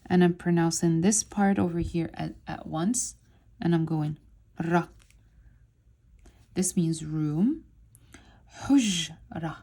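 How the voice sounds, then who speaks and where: Slow, patient woman teaching to read. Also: lowish voice, mellow. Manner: sounds out syllables slowly and repeats words. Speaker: Arabic teacher. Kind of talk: slow step-by-step reading lesson.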